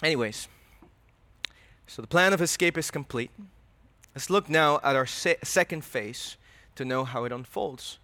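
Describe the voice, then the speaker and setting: A man's voice: medium pitch, unhurried, sharp tone. A man preaching a sermon who reads scripture aloud and then explains it with rising animation. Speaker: pastor.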